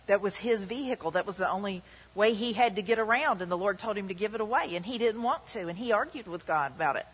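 In a husky, medium-pitched voice, a woman pastor preaches emphatically in a church hall, dramatizing what the tempter says. The long reverb of the hall hangs over the recording.

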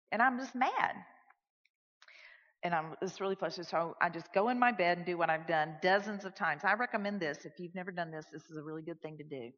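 A woman telling a personal story in a sermon, animated and swinging from loud to hushed. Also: on the low side, fast talker. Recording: echoey hall, dull lo-fi sound.

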